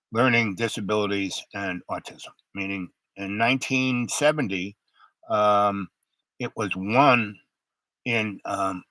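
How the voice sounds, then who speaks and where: An older man hosting his own talk show, talking in a rambling, halting way with many fillers. His voice sounds unusual because of an old throat injury. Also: fairly low pitch, bright, forceful tone, dry recording, low-quality recording. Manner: halting, many fillers and restarts, stutters under strain. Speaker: show host. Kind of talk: rambling monologue.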